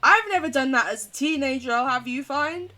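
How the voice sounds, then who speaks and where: A woman's voice: high voice, fairly quick, sharp tone. A young woman streaming a game, reading its text aloud and chatting casually, often giggling and swearing. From United Kingdom. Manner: giggly, swears casually, chats with chat between read lines.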